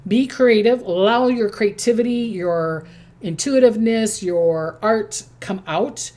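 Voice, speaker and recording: A woman's voice: mid-range voice, a little mellow. A middle-aged woman giving a casual zodiac forecast, chatty and repetitive, often checking in with "okay?" and briefly mimicking people. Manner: chatty, repeats "okay?", acts out quick voices. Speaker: psychic doing zodiac forecasts. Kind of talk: casual spoken forecast to camera.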